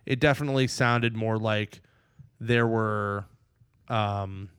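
A man chatting casually, recapping a movie in an excited, rambling way and acting out the characters' lines. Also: fairly low pitch, takes it slowly, smooth, dry recording, clean studio sound. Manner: excited, rambling, acts out quotes.

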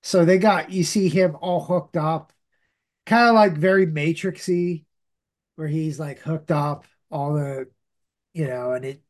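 A man with a fairly high voice talks slowly and loosely, recapping a comic book plot on a podcast. He rambles, restarts his sentences, and leans on fillers as he goes. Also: darkish tone. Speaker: podcast host.

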